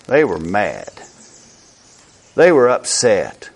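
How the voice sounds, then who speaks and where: A man preaching a sermon slowly and emphatically, repeating key words for effect. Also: on the low side, huge pitch swings, vocal fry, husky.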